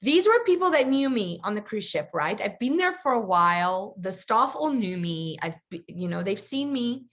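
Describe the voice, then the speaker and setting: A woman coach telling a personal story to her group in a chatty, animated way. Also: medium pitch, normal speed, hardly any pauses. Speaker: confidence coach. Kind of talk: storytelling in an online coaching session.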